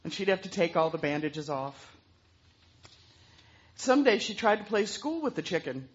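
A woman telling a story aloud in an animated way, throwing in sound effects. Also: fairly low pitch, moderate pace, husky, lo-fi sound. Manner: lively, with vocal sound effects.

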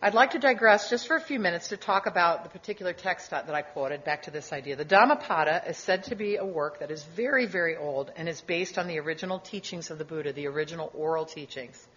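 A middle-aged woman giving a sermon as a guest speaker, gentle and reflective, with casual asides. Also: fairly low pitch, lively intonation, fast talker, few pauses, highs cut off.

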